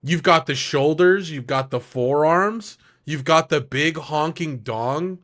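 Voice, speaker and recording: A young man co-hosting a casual podcast who jumps in with excited, profane commentary. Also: fairly high pitch, takes it slowly. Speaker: podcast co-host. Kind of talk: casual banter.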